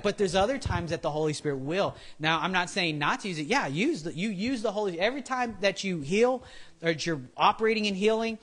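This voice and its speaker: Chatty preacher man, fairly high voice. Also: expressive, a little fast, a bit bright. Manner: chatty, goes off on tangents, acts out quotes in voices. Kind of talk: casual sermon.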